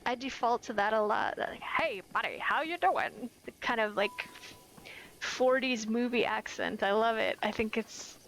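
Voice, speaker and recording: Streaming a game, an American woman in her twenties rambles casually and playfully, narrating her own moves. Her voice is fairly high with fairly even intonation at a moderate pace, and the low-quality recording has slight hiss or hum.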